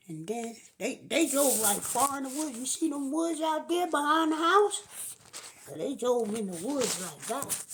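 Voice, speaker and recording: A woman's voice: on the high side, noisy background. A woman telling a comic story in a drawling, folksy way. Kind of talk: comedic storytelling.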